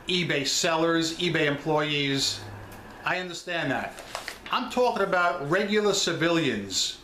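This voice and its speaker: A man's voice: sits high, fairly bright tone, echoey room, a little hiss or hum. A man with a New York accent, talking straight to his viewers about selling online in a blunt, emphatic way. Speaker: online seller vlogger. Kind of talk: casual chat.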